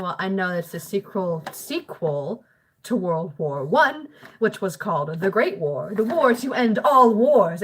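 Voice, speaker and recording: Rambling, self-mocking teenage girl. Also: mid-range voice. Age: late teens. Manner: rambling, self-deprecating, chatty. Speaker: vlogger. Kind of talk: casual monologue while doing homework. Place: at home.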